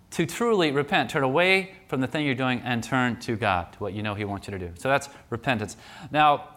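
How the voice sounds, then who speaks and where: A man's voice: mid-range voice, fairly bright tone. A man preaching a sermon in a conversational, storytelling way, often restarting his sentences.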